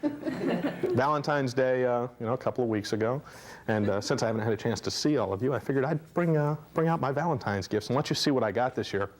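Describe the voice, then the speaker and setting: A man's voice: medium pitch, expressive, fairly quick. A young man doing a chatty stand-up comedy routine for a student audience, laughing at his own jokes. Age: young adult. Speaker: stand-up comic host. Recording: faint noise, 1990 student TV tape.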